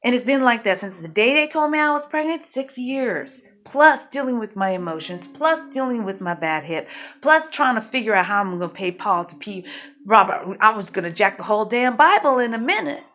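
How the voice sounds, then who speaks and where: A woman's voice: fairly high pitch, animated, a little fast, fairly bright tone. Emotional, rambling woman speaking bluntly. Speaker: mother telling her life story. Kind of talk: emotional personal storytelling.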